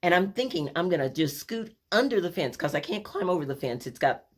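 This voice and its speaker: Lively woman telling family stories. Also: fairly low pitch, brisk. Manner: animated, acts out scenes. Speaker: family storyteller. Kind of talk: personal storytelling.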